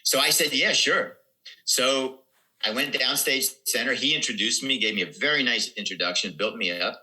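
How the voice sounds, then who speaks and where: A man's voice: mid-range voice, a little fast, sharp tone, rough recording. A man in his seventies, a comedian guest telling rambling anecdotes in casual podcast talk. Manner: rambling anecdotes with quoted dialogue.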